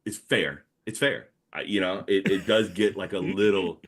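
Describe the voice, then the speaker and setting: A man's voice: low voice, normal speed. A man in his thirties with a New Orleans Yat accent, telling stories in casual podcast chat with lots of fillers. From New Orleans area. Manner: rambling, animated storytelling with many fillers. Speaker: comics artist guest.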